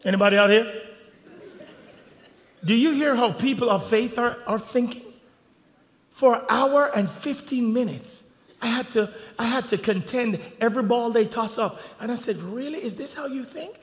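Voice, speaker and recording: A male pastor preaching a sermon, swinging from hushed storytelling to shouted preaching. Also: very high-pitched, moderate pace, pauses often, long reverb tail. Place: church sanctuary.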